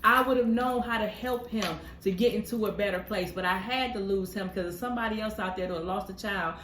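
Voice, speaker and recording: A woman's voice: mid-range voice, brisk, a bit bright. A woman co-hosting a podcast, talking in a casual, heartfelt way, emphatic and preacherly, calling listeners "honey". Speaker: podcast co-host. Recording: echoey room with faint noise.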